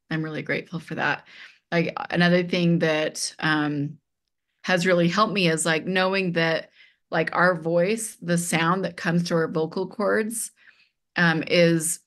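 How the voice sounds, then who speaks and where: A middle-aged woman guest who chats casually and tells stories with animation, acting out quoted dialogue and using lots of "like.". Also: on the low side. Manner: animated, acts out quoted dialogue, many fillers like "like". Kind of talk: casual conversational storytelling.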